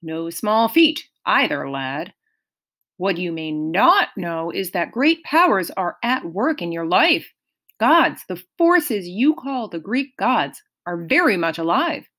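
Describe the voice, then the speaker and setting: A woman reading an audiobook, voicing a gentle, patient male teacher explaining things kindly. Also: fairly low pitch, very animated, slow pace, full character voice.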